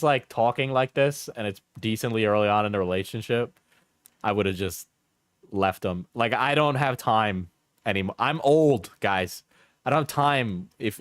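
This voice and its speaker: A man's voice: mid-range voice, no room sound, clean studio sound. A man streaming live, casually rambling through his thoughts with restarts and trailing asides.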